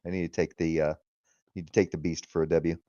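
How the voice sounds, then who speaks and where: A man's voice: sits low, little pitch movement, fast, mellow, no echo, muffled recording. A man hosting a casual livestream, talking loosely, swearing freely and laughing often. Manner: retells arguments in quoted voices. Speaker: livestream host.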